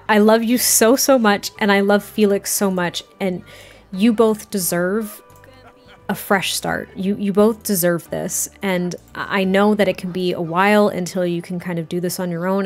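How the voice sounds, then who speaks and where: Woman playing a tender young man, halting and pleading, mid-pitched, plain. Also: lightly acted. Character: earnest, tender young man giving a gift.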